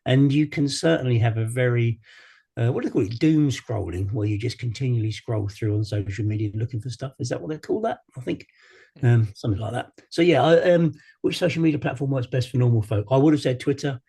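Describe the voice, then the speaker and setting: Mellow, husky man rambling with fillers. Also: mid-range voice, lively intonation, fairly quick. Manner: meandering, hesitant with many fillers. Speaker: podcast co-host. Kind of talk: casual podcast chat.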